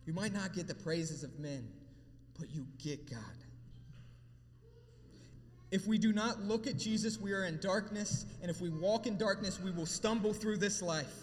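A pastor with a high voice preaches an emotional sermon to his congregation in a church hall, building in intensity before ending with a quiet prayer. He speaks at a moderate pace. The hall has long reverb and faint room ambience, with slight background noise.

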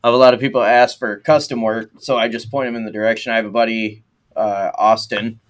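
A man's voice: lowish voice, little pitch movement, fast talker. Man, laid-back, swears casually, laughs easily, podcast chat. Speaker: blacksmith and podcast host.

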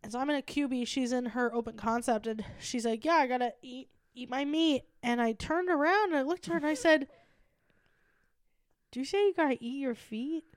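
High, dry-miked woman podcast host, animated comic storyteller. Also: brisk, dry recording. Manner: animated, laughing, quoting coworkers in voices. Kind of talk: casual comedic storytelling.

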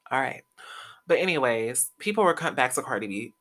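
Young male podcast host, crisp bright voice, mid-range pitch, loose gossipy commentary with plenty of swearing. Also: expressive, brisk. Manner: chatty, gossipy, swears freely, laughs often. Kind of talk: casual pop-culture commentary.

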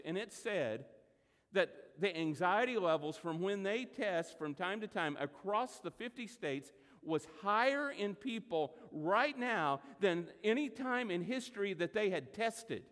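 High-voiced man preaching in a reverberant church. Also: lively intonation. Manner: preaching, reads scripture slowly and loudly. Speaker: pastor. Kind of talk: sermon. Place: church sanctuary.

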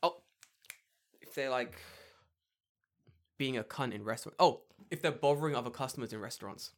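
Speaking at normal speed in a medium-pitched voice, a man trades stories in a casual podcast chat. He swears a lot and tells things animatedly, putting on mocking voices.

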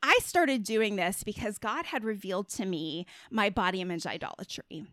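A woman's voice: mid-range voice, moderate pace, a bit bright, dry recording. A middle-aged woman, a guest author and body image coach, talking in a casual podcast interview in a chatty, earnest way, full of fillers and tag questions.

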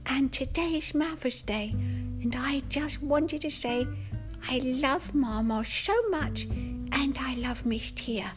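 A woman's voice: high-pitched, takes it slowly, music in the background. A woman voicing a cheerful little boy unicorn who tells a children's story in a playful, sing-song way. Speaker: host.

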